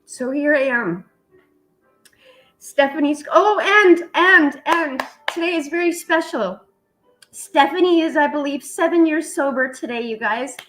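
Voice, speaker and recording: A woman's voice: high-pitched, unhurried, a bit bright, faint music behind, low-quality recording. A middle-aged woman hosting a casual chat, talking in a heartfelt, tearful way and swearing casually. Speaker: vlog host.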